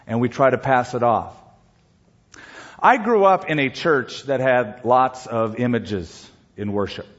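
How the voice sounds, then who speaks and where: Unhurried man preaching on a muffled recording. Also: fairly high pitch. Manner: unhurried storytelling with pauses. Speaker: pastor. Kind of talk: sermon. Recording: dull lo-fi recording.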